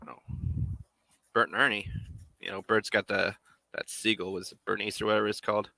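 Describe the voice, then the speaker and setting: A man's voice: lowish voice, gravelly, bright, forceful tone, no echo. A man making a puppet on a live stream, rambling casually and half to himself as he works. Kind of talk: casual live-stream chat while working.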